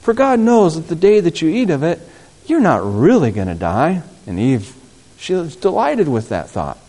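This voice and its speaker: A man's voice: a little high, huge pitch swings, moderate pace, dark tone. A man pastor preaching a sermon, acting out Bible dialogue and asking the congregation call-and-response questions.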